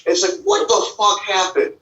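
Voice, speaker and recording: A man with a fairly high, bright voice tells stories bluntly and swears freely in casual podcast chat. He sits back from the microphone in an echoey room, and the sound comes through dull and lo-fi. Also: steady tone, normal speed. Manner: blunt, profane storyteller. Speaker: physician and podcast host. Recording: roomy, distant, dull lo-fi sound.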